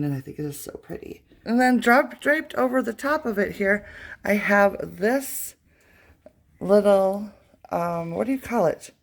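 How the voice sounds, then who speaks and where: A woman's voice: medium pitch, vocal fry. A middle-aged woman giving a chatty, gushing tour of her home decor. She uses fillers and stops to search for words. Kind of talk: casual home tour chat.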